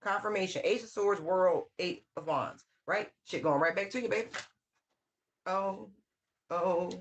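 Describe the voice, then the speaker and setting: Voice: medium pitch, a little slow, a little hiss or hum. Sassy, scolding tarot reader. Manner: sassy, scolding call-outs with repeated phrases; slang-heavy, swears freely. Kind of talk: casual channeled tarot reading.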